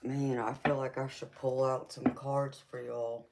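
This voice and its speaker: A woman's voice: rumbling low, noisy background. A woman with a Southern American accent, hosting a casual live stream and chatting with her viewers, calling them baby and honey. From California. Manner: warm terms of endearment, slow relaxed talk. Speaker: tarot reader and live stream host.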